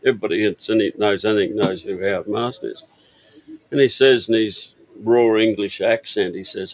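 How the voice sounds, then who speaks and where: With a fairly low, evenly intoned voice and a brisk pace, an older Australian man spins easygoing, filler-heavy yarns about his parts business. The casual interview takes place at an outdoor expo stand, and the audio is muffled.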